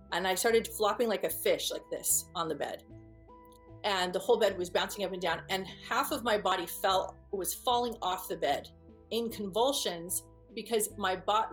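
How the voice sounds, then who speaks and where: A woman's voice: medium pitch, a bit bright. Earnest woman telling her own story. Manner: earnest and vivid, with halting restarts and repeated phrases. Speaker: speaker recounting a personal experience. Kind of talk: first-person storytelling to an audience.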